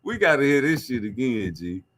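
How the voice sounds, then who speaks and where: A man hosting a boxing livestream, reading viewer chat and trading profane, joking banter in animated, casual commentary. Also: mid-range voice, normal speed, slight background noise.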